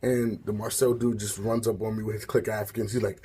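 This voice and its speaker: Husky-voiced man telling a rambling story. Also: fairly low pitch, flat delivery, quick pace, few pauses, warm tone. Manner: rambling, filler-heavy storytelling with asides. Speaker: story time host. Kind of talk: casual storytelling.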